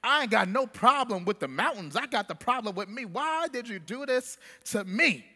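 A preacher voicing an indignant male traveler who complains loudly about his portrait. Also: extremely high pitch, very animated, moderate pace, breathy edge, in a large hall, pitched above the performer's own voice, full character voice. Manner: shouting complaints, insistent.

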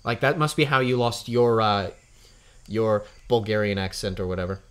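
A man's voice: fairly low pitch, normal speed. A young man with an Australian accent, rambling and swearing as he gives casual commentary while playing a video game. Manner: rambling, swears a lot, laughs at himself. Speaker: let's play host.

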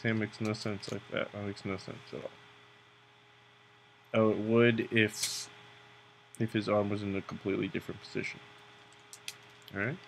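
Young male tutorial host, casual and jokey, with a low-ish gravelly voice. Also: slight background noise. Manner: rambling, joking, self-mocking. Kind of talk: casual narration while drawing.

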